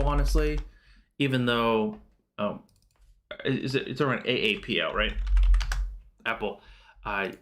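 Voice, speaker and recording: A man of ordinary middle pitch hosts a relaxed live stock market stream, walking through charts and answering questions from viewer chat. He speaks loosely and informally, often pausing on "um" and "uh" and correcting himself mid-sentence.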